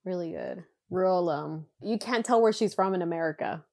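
A woman's voice: lowish voice, normal speed, darkish tone. Eager chatty woman from Texas. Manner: enthusiastic, exclaiming. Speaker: podcast guest. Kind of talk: casual chat.

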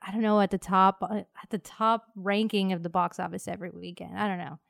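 A woman's voice: medium pitch, little pitch movement, a little fast, creaky, dry recording. Texas lady podcast host, rambles n restarts a lot, dry close sound. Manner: rambling, many fillers and restarts, laughs often. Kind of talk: casual chat.

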